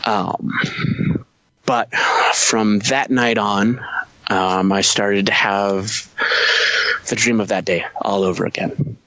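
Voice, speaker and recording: A man's voice: lowish voice, fairly even intonation, takes it slowly, long pauses, a bit bright, no echo, dull audio. A man who is a Marine veteran, telling a war story as a podcast guest, blunt and heavy on profanity. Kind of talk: casual storytelling.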